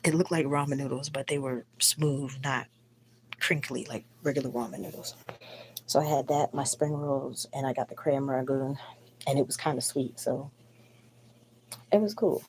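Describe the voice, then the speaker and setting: Low-voiced woman venting bluntly while sick. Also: steady tone, moderate pace, a little hiss or hum. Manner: blunt, profane, rambling. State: sick with the flu. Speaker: live stream host. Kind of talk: casual live stream venting. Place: at home at night. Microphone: phone.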